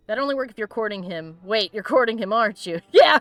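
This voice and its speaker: A woman hosting a let's play, chatting and giggling excitably as she plays a video game. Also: on the high side, a little fast, soft background music. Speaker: host.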